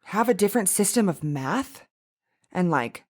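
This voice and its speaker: A woman co-hosting a podcast in casual chat, animated and swearing freely, with lots of fillers. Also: medium pitch, normal speed. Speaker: podcast co-host.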